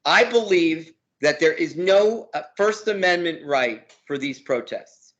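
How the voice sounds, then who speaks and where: A man's voice: on the high side, lively intonation, measured pace, a bit bright, muffled recording. A man, a law professor as interview guest, talking heatedly and hammering points by repeating words. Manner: emphatic, repeats words for force. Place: lives in Brooklyn.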